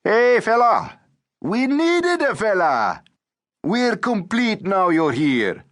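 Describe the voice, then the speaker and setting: A cocky, brazen young orphan boy, as a male narrator puts him on, pitched far above the reader's own voice and speaking loudly. He mocks and teases with a bossy swagger. His tone sounds pinched and unlike the reader's usual timbre. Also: very animated, takes it slowly, heavily acted. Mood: brash. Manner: cocky, mocking.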